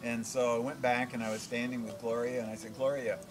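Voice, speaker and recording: An older man from Vermont telling a childhood story to family, chuckling and animated as he goes. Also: mid-range voice, fast talker, noisy background. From Vermont, USA. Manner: chuckling, animated, laughs through his lines.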